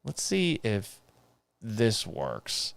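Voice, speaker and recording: A man's voice: lowish voice, huge pitch swings, very slow, creaky. A man hosting a live sports talk stream, talking casually and reading out viewer comments, exasperated and swearing, and mocking himself. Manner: reads viewer comments aloud.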